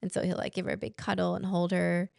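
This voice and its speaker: Woman in her 30s rambling about parenting on her podcast, gravelly voice. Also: fairly low pitch, flat delivery, quick pace, darkish tone, dry recording, clean studio sound. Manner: chatty, rambling, frequent restarts and fillers. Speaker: podcast host. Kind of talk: casual solo talk on parenting.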